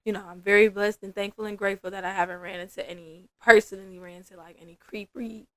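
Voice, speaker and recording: A woman's voice: medium pitch, fairly even intonation, fast, sharp tone, dry recording. A woman, a massage therapist guest chatting casually on a podcast and acting out her clients' lines.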